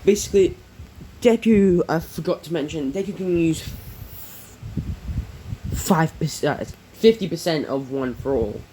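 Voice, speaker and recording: A man's voice: on the high side, expressive, measured pace, pauses often, mellow, a little hiss or hum, rough recording. A man casually narrating a fan-made story, rambling with many fillers and self-corrections.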